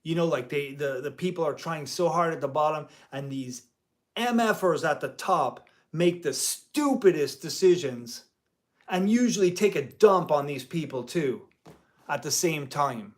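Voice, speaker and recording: Slow-talking indignant guitar teacher. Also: male voice, on the high side, animated. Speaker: guitar channel host, part-time music teacher. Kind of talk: casual to-camera commentary.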